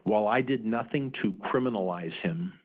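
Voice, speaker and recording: Deep husky man telling a story. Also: normal speed. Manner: earnest, frequent "uh" fillers. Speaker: conference presenter. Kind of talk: storytelling talk. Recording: narrow phone-like sound.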